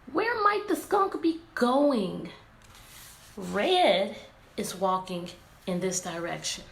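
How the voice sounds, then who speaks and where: A woman teacher reading a picture book aloud to her class, animated and asking many questions. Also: medium pitch, gravelly. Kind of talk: interactive read-aloud lesson. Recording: echoey room, faint background noise.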